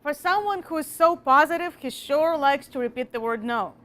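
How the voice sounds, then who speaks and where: A woman teaching a college writing class, slowing down and stressing key words as she reads example sentences aloud. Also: sits high, a bit bright. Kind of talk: classroom lecture.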